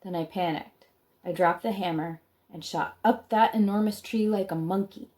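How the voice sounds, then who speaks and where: A woman's voice: fairly low pitch, moderate pace, darkish tone. A woman reading a children's book aloud, stopping now and then to add chatty comments of her own. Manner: chatty asides between read passages.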